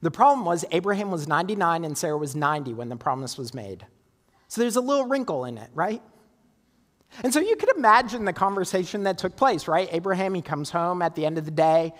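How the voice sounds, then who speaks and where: Male pastor, sermon, high voice, conversational, asks for agreement, long reverb. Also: lively intonation, a little fast, fairly bright tone.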